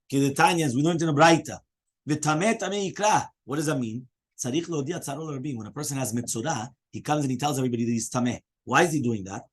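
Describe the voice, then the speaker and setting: Male rabbi teaching Talmud, middle-pitched and brisk, lively, keeps checking that students follow. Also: breathy edge. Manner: animated, keeps checking in with "right?" and "you understand?"; mixes Hebrew and Aramaic terms into plain explanation. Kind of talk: daily Talmud lesson with students.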